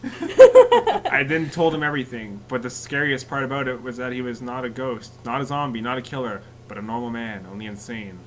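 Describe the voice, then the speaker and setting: A man reads a creepy tale aloud with friends, his pitch leaping around as he goes. He keeps cracking up and breaking off to joke, with a faint hum of noise behind him. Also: big pitch swings, normal speed, poor audio. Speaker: story reader. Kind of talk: reading a scary story aloud among friends.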